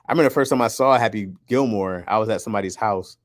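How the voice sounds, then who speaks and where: Low-voiced man in casual joking chat. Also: racing. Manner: joking, rambling storyteller.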